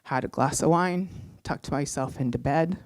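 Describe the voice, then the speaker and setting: A middle-aged woman from Canada telling a personal story live on stage, heartfelt and animated, acting out the voices she quotes. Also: sits low, moderate pace, no room sound, studio quality. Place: theatre stage.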